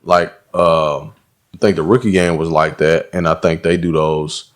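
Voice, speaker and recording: A man's voice: level tone, a little slow. A man co-hosting a casual sports podcast, easygoing and drawling. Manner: easygoing, drawling, given to sudden high-pitched laughing bits. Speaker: podcast co-host.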